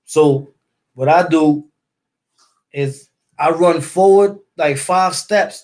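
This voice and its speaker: With a New York accent, a man from Brooklyn's East New York narrates a story full of street slang, repeated words and sound effects. He speaks slowly and pauses often, in a fairly high, darkish voice.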